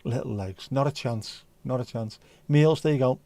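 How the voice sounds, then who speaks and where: A man's voice: mid-range voice, moderate pace, gravelly, warm tone, dry recording. A man from North West England, hosting a casual livestream and bantering with chat comments. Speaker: livestream host.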